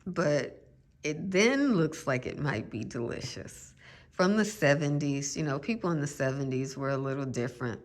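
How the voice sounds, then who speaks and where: A woman's voice: deep voice, lively intonation, normal speed. A woman gardening vlogger chatting casually and musing aloud, with self-deprecating asides. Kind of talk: casual chat.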